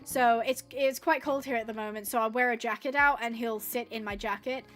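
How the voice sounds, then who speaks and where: High-voiced woman chatting on a live stream. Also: steady tone, a little fast, fairly bright tone, soft background music. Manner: rambling, chatty, laughs often, acts out quotes. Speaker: gaming streamer. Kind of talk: casual live-stream chatter while gaming.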